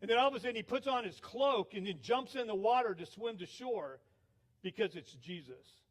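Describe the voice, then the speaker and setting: A man's voice: high-pitched, animated, brisk. A male pastor giving a sermon, telling stories with acted quotes. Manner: storytelling with laughs, acted quotes.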